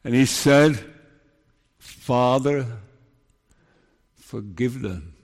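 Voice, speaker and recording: A man delivers a sermon at a slow, deliberate pace in a mid-pitched voice. His words ring out in a long, echoing hall reverb, as in a church or large hall. He drops to hushed, solemn tones, then builds to emphatic rises. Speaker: preacher.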